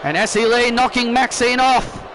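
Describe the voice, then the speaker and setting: A man with a very high voice calls wrestling video game action as excited play-by-play. He keeps restarting and correcting himself and shouts when the big moves land. Steady background noise sits under the recording. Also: normal speed, a crowd in the background. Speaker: YouTuber commentating his own wrestling video game matches. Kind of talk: excitable play-by-play commentary over gameplay.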